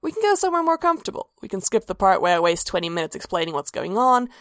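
A woman's voice: mid-range voice, sing-song, fast talker, no room sound. A woman voicing a playful, flirtatious male demon prince with a brash, teasing manner, recorded dry and close.

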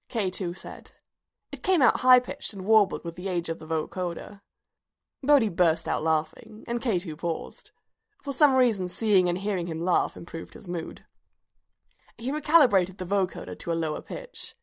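A woman narrating a story aloud in a soft, even, quiet reading voice. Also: lowish voice, moderate pace. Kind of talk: audiobook reading of fan fiction.

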